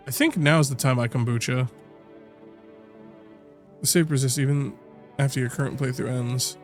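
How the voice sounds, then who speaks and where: A man's voice: medium pitch, steady tone, moderate pace, pauses often, faint music behind. A young man streaming a game, reading its lines and reacting in a casual, wry way and swearing freely. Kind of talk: gameplay commentary.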